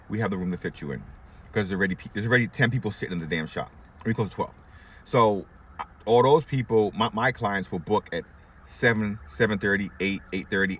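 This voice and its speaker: A man's voice: mid-range voice, slightly rough. A man who owns a barbershop, giving blunt, emphatic, slangy advice in a casual monologue. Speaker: barbershop owner.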